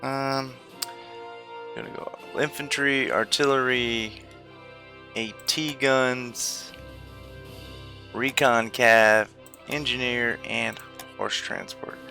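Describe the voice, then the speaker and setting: Male gameplay commentator, gravelly and bright-edged, hesitant and unhurried, faint music underneath. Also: mid-range voice, fairly even intonation. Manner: slow, hesitant, thinking aloud with many fillers. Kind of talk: casual let's-play commentary.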